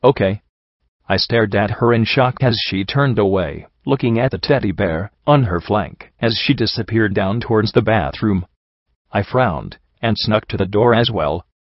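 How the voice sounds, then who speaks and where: Man narrating a fan story, steady, lowish voice, dry muffled home audio. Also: normal speed, no room sound. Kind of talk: fan fiction reading. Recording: dull, dry home recording.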